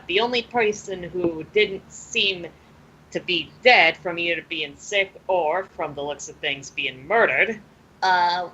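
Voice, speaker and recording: A woman voicing a folksy, blunt female spacer who talks in rough slang during a tabletop role-play game. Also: fairly low pitch, sharp tone, dull audio, heavily acted. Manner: drawling, slangy, rough-spoken.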